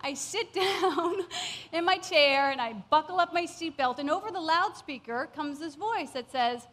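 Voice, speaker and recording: A woman telling a personal story to an audience, animated and laughing often as she acts out what people said. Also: high voice, normal speed.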